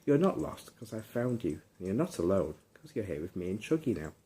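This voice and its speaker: A big, kind bear who likes to help talks gently and reassuringly, as a man voices him in a bedtime storybook. The voice sits low and deep. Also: very animated, fairly quick, a little hiss or hum.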